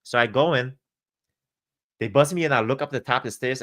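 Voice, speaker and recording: A man's voice: mid-range voice, a little fast, a bit bright. A man telling a long, rambling story on a casual podcast, full of swearing and fillers. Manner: profane, rambling, many fillers. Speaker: podcast guest.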